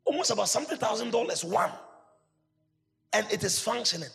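Shouting Ghanaian preacher, high and lively. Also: male voice, fairly quick, creaky, long reverb tail, soft background music. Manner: animated preaching, swinging from shouts to low asides. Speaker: pastor. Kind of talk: sermon.

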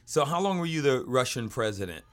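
A man with a medium pitch hosts a casual conversation and tells stories. His voice swings up and down as he jokes. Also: fairly quick. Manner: animated, jokey storyteller. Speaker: host. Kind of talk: casual podcast chat.

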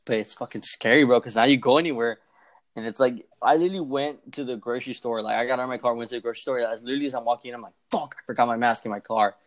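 Fast-talking young man telling a story. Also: mid-range voice. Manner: fast, profane, acts out quoted voices. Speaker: podcast co-host. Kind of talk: casual storytelling chat.

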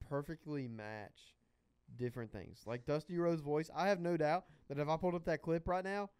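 Smooth-voiced man, eager podcast chat. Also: fairly high pitch, moderate pace, a little mellow, no echo. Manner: eager, says dude a lot. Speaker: podcast co-host. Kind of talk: casual chat.

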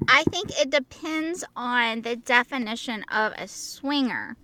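A woman with a high, bright voice co-hosts a casual podcast. She talks playfully and jokes with her friend. The sound is close and dry. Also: animated, a little slow, no echo. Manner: playful, joking, puts on silly voices. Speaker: podcast co-host. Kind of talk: casual chat.

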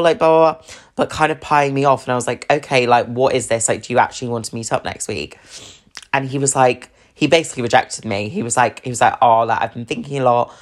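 A young British woman hosting a podcast, telling a dating story in a chatty, swear-filled way with lots of fillers and laughs. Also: extremely low pitch. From England. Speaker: podcast host. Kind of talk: casual storytelling about dating.

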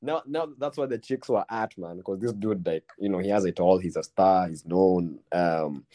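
A young man with a Kenyan accent, hosting a casual podcast chat and telling a story, full of "bro" and "man" and quick restarts. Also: sits low, warm tone, slight background noise. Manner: slangy, repeats "bro" and "man", many restarts. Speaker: podcast host.

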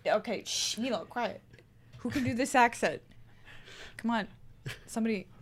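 A woman's voice: a little high, normal speed. A woman playing a tabletop game, urging others on in a friendly, bossy way. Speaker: player.

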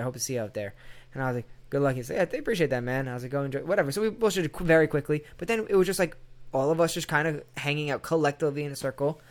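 A man casually telling a long, rambling, profane story in a chat, acting out the people he quotes. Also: mid-range voice.

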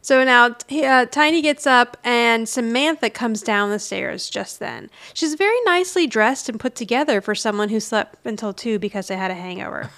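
A woman in her forties, a podcast co-host who chats casually, with quick restarts and little asides. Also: fairly high pitch, a bit bright. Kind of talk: casual chat recapping a sitcom episode.

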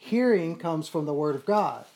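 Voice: mid-range voice, lively intonation, moderate pace, a little mellow. A person leading a casual Bible study, explaining scripture earnestly with frequent repeats and restarts. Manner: earnest, repetitive, self-correcting.

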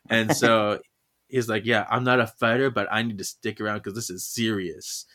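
A woman's voice: rumbling low, expressive, a little slow. A woman co-hosting a podcast, casually recapping a comic with frequent laughter while reading out character lines. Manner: giggly, breaks into laughter, acts out quoted lines. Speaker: podcast co-host.

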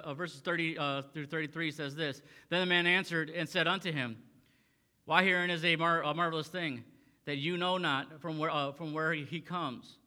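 A man's voice: on the high side, sharp tone, big-room sound. A man preaching a sermon as a pastor, reading scripture aloud and then restating it in plain talk with frequent fillers and repeated phrases. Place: church sanctuary.

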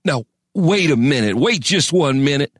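Dude voicing a wiry grumpy gold miner, higher pitched, all sputtering and huffy. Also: male voice, expressive, moderate pace, no echo, clean studio sound. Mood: indignant. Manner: sputtering, indignant. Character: wiry, prickly young gold prospector.

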